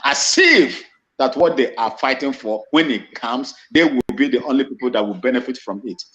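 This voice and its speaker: Heard on a dull lo-fi recording, this Nigerian-accented commentator has a medium-pitched, somewhat bright voice that is very animated at a moderate pace. He gives a passionate, emphatic monologue, repeating himself and restarting phrases often.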